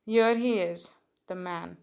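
A woman's voice: fairly low pitch, creaky, darkish tone, lo-fi sound. A woman reading as a stern Roman governor. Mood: questioning. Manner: slow, measured reading.

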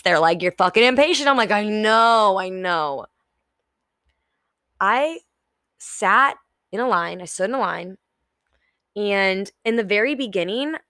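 A woman's voice: mid-range voice, a bit bright, dry recording, clean studio sound. Frank, swearing young woman podcaster. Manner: frank, swears casually, acts out her own inner voice. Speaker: podcast host. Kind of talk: casual solo podcast talk.

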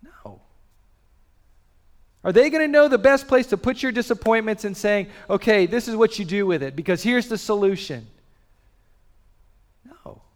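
A male pastor delivering a sermon with a somewhat high voice. He swings between loud, urgent pushes and hushed, slowed-down lines. The sound carries a long reverb, as if he is in a large hall. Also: animated.

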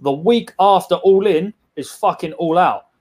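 Excitable sweary man. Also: high-pitched, measured pace. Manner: excitable, sweary, rambling with fillers. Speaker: podcast co-host. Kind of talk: casual chat.

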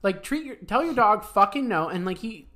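A woman co-hosting a podcast in casual chat, talking in a blunt, animated and profane way. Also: medium pitch, moderate pace. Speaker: podcast co-host.

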